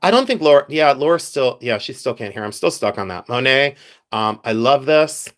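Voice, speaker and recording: A man's voice: mid-range voice, moderate pace. A man hosting a casual live stream, chatting with viewers, reading their comments and joking in a playful, self-mocking way. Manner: chatty, animated, reads and answers chat. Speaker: livestream host sorting jewelry.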